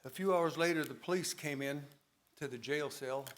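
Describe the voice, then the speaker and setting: A man's voice: a little high, normal speed, fairly bright tone. A man telling his personal testimony at a church service, dramatic storytelling with a voice that rises and falls with emotion. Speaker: church member giving testimony.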